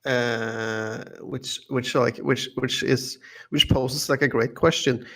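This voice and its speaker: A man's voice: medium pitch, fairly even intonation, slow pace, bright, forceful tone. A man co-hosting a podcast in casual chat, rambling and laughing between points. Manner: rambling, many fillers and restarts, laughs often. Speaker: podcast co-host.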